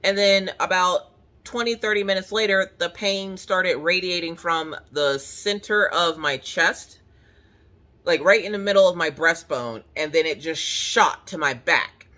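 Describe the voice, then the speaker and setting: Bright-voiced woman telling a story. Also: fairly low pitch, a little slow. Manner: animated, acts out her own reactions, lots of "like". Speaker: crafting channel host. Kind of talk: casual storytelling to viewers. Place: at home.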